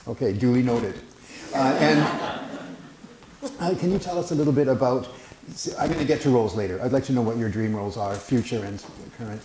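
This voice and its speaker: A man's voice: mid-range voice, a little fast, a crowd in the background. Male interviewer in an echoey room. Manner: friendly, asks questions with small restarts. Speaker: interviewer, host. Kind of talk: conversational interview. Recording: echoey room with faint noise.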